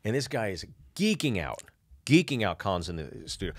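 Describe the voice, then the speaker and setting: A man co-hosting a comedy podcast, talking in a laid-back, halting way with frequent restarts. He speaks into a close studio mic. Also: on the low side, big pitch swings, no echo. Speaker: podcast co-host. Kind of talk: casual comedic chat.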